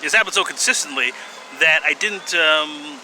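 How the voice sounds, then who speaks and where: A man with a somewhat high voice vlogs in a loose, meandering monologue, stopping often for fillers and sighs and letting out dry chuckles. He is recorded outside, and passing cars and urban noise are plainly heard behind him. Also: moderate pace, pushed and bright, poor audio. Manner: rambling and hesitant, many fillers and sighs, wry laughs. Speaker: vlogger. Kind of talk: casual monologue to camera. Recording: outdoor street noise behind.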